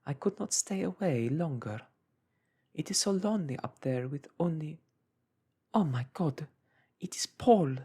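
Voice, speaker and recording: Guy doing a lonely young woman in a breathy whispered role-play, slow and breathless. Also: fairly high pitch, lively intonation, dark tone, heavily acted. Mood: startled longing.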